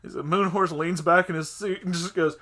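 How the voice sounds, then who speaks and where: A man hosting a casual podcast chat, telling an animated story, acting out the other people's lines and often breaking into laughter. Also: high voice, brisk. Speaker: podcast host.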